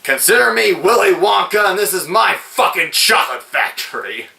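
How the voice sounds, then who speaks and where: A man voicing a murderous, mocking male outlaw villain who shouts taunts and sneers. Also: medium pitch, lively intonation, a little slow, roomy sound, far from the mic, noisy background, natural voice. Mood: shouting.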